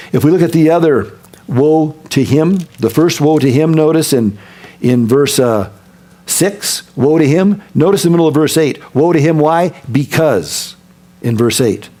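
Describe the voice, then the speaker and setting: A man preaching a sermon as pastor, telling stories in an animated way, acting out scenes and dropping to a soft voice for emphasis. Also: fairly high pitch. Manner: drops to a soft, quiet voice for emphasis.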